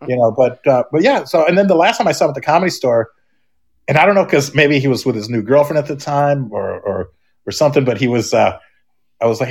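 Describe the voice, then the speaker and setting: A man's voice: medium pitch, expressive, fast, a little mellow, slightly rough. A middle-aged man, a podcast guest, talking casually and rambling, with many restarts and fillers. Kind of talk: casual chat.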